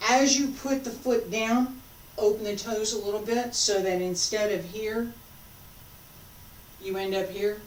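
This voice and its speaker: A woman teaching a qigong class, calmly giving breathing and movement cues. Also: mid-range voice, a little slow, pauses often. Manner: calm, guiding cues paced to breathing. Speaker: qigong instructor. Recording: echoey room, distant mic, faint noise.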